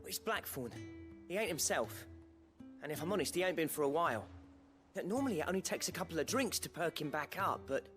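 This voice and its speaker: A man doing a chatty lad with a high, lively voice. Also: a little fast, music in the background, close to an everyday voice. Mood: coaxing. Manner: chatty, slangy, coaxing. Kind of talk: video game voice acting.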